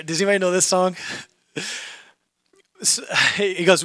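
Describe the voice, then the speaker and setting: A man's voice: sits high, a little fast, pauses often, no room sound. A man preaching in a church, telling stories animatedly, acting out scenes and asking the congregation questions. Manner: animated storyteller who asks the congregation questions and acts out scenes. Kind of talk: storytelling sermon.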